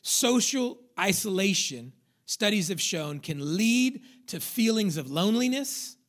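A man's voice: high-pitched, expressive, measured pace, a bit bright. A male pastor preaching a sermon with emphatic repetition, sometimes acting out an inner voice. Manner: emphatic preaching, repeats lines for stress, acts out inner voices.

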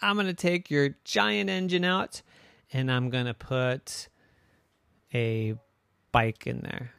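Mechanic, a man doing him: firm, plain, gravelly. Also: medium pitch, steady tone, slow pace, a bit bright, dry recording, clean studio sound. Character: matter-of-fact male car mechanic.

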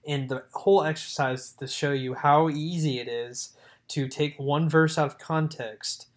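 A man's voice: on the high side, steady tone. Easygoing young man chatting. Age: young adult. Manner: easygoing, quick to laugh. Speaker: podcast co-host. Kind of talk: casual chat.

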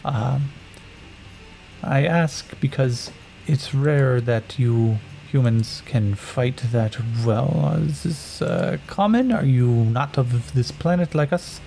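A man putting on a stern, slow-spoken alien warrior woman. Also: mid-range voice, gravelly, warm tone, soft background music, low-quality recording. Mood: earnest. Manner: slow, deliberate speech in broken formal English. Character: stern female alien warrior, formal and blunt.

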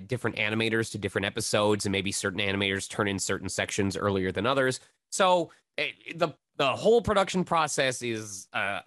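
A man's voice: fairly low pitch, a bit bright, no room sound, clean studio sound. A man, a voice actor being interviewed, talks thoughtfully and rambles a bit, hedging as he goes. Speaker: voice actor, guest. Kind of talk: casual interview.

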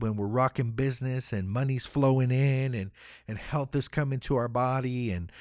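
Energetic man giving a motivational talk. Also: medium pitch, dry recording, clean studio sound. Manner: energetic, rhetorical, repeats "right?". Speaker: motivational speaker.

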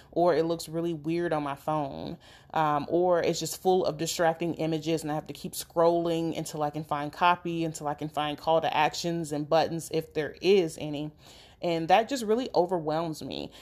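A woman's voice: low-pitched, darkish tone. A woman giving practical, direct advice on running a business website, with occasional fillers. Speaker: business coach. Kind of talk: instructional talk.

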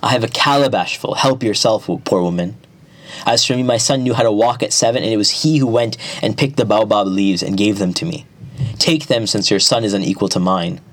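A man's voice: fairly low pitch, a little fast, close to an everyday voice. A man voicing a malicious, scornful queen mother in a spoken folk tale. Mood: mocking. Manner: mocking.

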